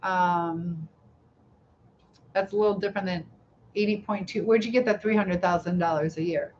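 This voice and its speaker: A woman's voice: lowish voice, fairly even intonation, moderate pace, a little mellow, dull audio, slight background noise. A middle-aged woman hosting a casual live stream, chatting, laughing often and reading viewer comments aloud.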